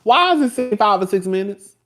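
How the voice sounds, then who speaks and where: A man chats casually on a live stream, full of sass and quick laughs. His voice swoops up and down with lots of expression, and he rambles from one point to the next. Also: high-pitched, very animated, a bit bright. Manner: rambling, chatty and sassy, laughs often. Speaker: show host reviewing TV.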